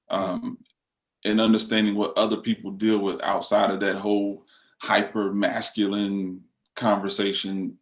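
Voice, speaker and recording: Man, panelist, low pitch, halting, reflective. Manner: thoughtful, halting with many fillers. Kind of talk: panel discussion.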